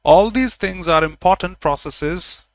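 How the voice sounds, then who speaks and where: Teacher, higher voice, dry sound. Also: male voice, measured pace, no room sound, poor audio. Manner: explains by repeating example phrases, answers viewers by name. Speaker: English grammar teacher. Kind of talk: live online class.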